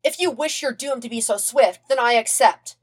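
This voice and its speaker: A woman's voice: on the high side, moderate pace, breathy edge, voice pushed up. A woman voicing a proud, defensive twelve-year-old banished prince in a podfic reading. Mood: grandiose. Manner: stiff, defensive, puffed-up. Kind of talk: podfic character voice.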